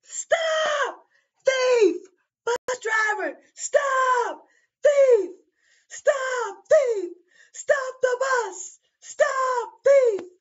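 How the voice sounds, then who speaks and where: A woman voicing a frantic elderly woman who shouts for the bus driver in alarm. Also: expressive, extremely slow, muffled recording, heavily acted. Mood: alarmed yelling. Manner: shrill, yelling in alarm.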